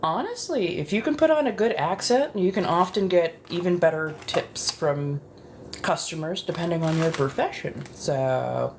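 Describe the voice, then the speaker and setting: Low-voiced woman in soft ASMR chat. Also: expressive, normal speed, a little hiss or hum. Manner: chatty, rambling, casual. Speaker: ASMR creator.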